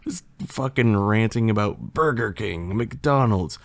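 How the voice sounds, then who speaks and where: Deep-voiced man, gravelly and slow. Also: expressive, no echo, clean studio sound. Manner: rambling, laughs a lot, swears. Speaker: channel host. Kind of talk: casual chat and reading a poem aloud.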